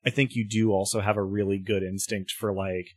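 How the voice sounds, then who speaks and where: A man with a lowish voice talks through a casual podcast discussion, relaxed and rambling, full of fillers and easy laughter. His voice is recorded dry and close, with no room around it. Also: fairly quick, dry recording. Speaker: podcast co-host. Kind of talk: casual chat.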